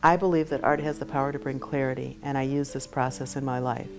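A middle-aged art therapist narrates in a soft, earnest and measured voice. Her pitch sits low, and gentle music plays faintly behind her. The delivery is reflective and unhurried. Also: fairly even intonation. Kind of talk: reflective spoken-word narration.

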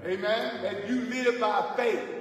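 A male pastor preaching a sermon in call-and-response, asking the church to finish his lines and rising to shouts on key points. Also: high voice, fairly even intonation, slow. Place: church sanctuary. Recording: echoey church hall, mic far off.

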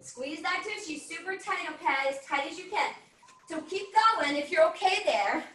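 A woman fitness instructor with a very high, animated, slightly bright voice coaches an online class at normal speed while working out. She whoops and cheers in an upbeat style, sounding a little winded. Picked up by a distant laptop mic on a video call, the sound is roomy.

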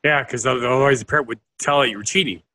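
A man co-hosting a comedy podcast, playful and quick with jokey asides, sometimes stammering as he starts. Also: mid-range voice, pushed and bright. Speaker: podcast co-host. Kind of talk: casual comedic chat.

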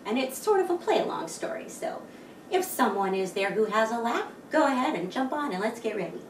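Animated sing-song storytime librarian. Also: female voice, a little high, brisk, slight background noise. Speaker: children's librarian hosting storytime. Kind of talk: children's storytime with songs. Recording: echoey room, distant mic, faint music.

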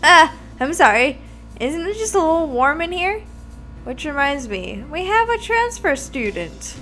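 Woman voicing a dozy male quail teacher, slow and vague, lively high voice, visual novel game. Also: faint music behind, full character voice. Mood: drowsy. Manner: slow, drowsy. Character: sleepy, absent-minded male quail teacher.

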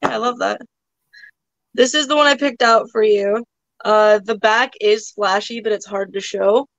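A woman runs a live online sale, talking in a loose, chatty way with many "like"s and "um"s. Her voice sits at an ordinary pitch and sounds close and dry. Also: fairly even intonation, normal speed, a bit bright, no echo, rough recording. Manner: chatty, full of "like" and "um" fillers. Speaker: live auction seller. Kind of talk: casual live-stream sales chat.

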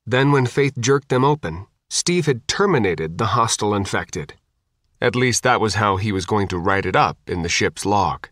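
A man reading an audiobook in a measured, even style. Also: fairly low pitch, no room sound, clean studio sound. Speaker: audiobook narrator. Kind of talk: scripted audiobook narration.

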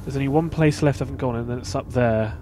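A man talks through a horror game at a middling pitch. He is casual and a bit jumpy, muttering asides to himself as he plays. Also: quick pace, dark tone, slight background noise. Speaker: let's play host. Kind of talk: casual gameplay commentary.

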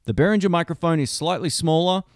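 A man's voice: a little high, quick pace, dry recording. A man, casually explaining and reviewing a microphone in a home studio, speaking close into a handheld dynamic mic. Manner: chatty, explanatory, conversational asides. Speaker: tech reviewer.

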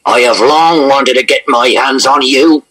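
A man voicing a brave, stern woodcutter father in a storybook reading, forceful and angry. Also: medium pitch, measured pace, low-quality recording. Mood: enraged.

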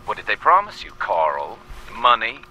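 A bitter, betrayed scientist. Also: male voice, lowish voice, huge pitch swings, normal speed, sharp tone, slight background noise, full character voice, poor audio. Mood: indignant. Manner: accusing, bitter. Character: indignant male scientist, betrayed and angry.

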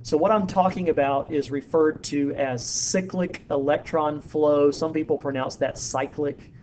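A man teaching biology, explaining slowly and asking students questions, with some ums and uhs. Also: a little high, a little mellow, a little hiss or hum. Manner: uses fillers like um and uh. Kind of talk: recorded classroom lecture.

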